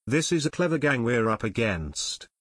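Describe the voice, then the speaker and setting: A man's voice: mid-range voice, sing-song, moderate pace, no echo, studio quality. A man reading aloud voicing a grave middle-aged detective father who warns his sons, in an audiobook. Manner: grave, warning.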